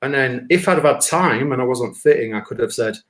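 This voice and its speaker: Brisk and mid-range, his voice drives a casual live stream chat. He's a musician and comedian whose stories come out blunt, sweary and animated, with the voices acted out.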